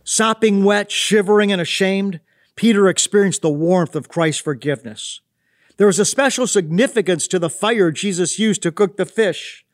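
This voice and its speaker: A man with a notably high voice reading a devotional reflection. His tone is earnest and thoughtful, like a short read sermon. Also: moderate pace. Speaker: devotional host.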